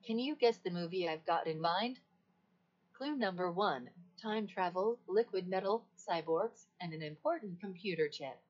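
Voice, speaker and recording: A synthetic woman's voice playing a polite, playful female AI voice assistant, with a breathy tone and even, polished delivery. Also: fairly low pitch, moderate pace, close to an everyday voice. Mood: cheerful. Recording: dull lo-fi recording of a device speaker.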